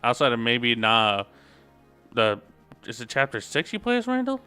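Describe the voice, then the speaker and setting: Streamer pria santai yang bercanda. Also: male voice, medium pitch, wildly swooping pitch, normal speed, pushed and bright, smooth, faint music behind. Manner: casual, joking, rambling. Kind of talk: game stream commentary.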